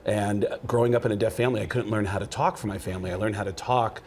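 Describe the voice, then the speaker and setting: A man's voice: fairly low pitch, a little hiss or hum. A man, a comedian and impressionist from the Bronx, telling stories as a guest in a TV news studio. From the Bronx, New York. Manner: animated storyteller, slipping into quick impressions. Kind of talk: casual interview storytelling.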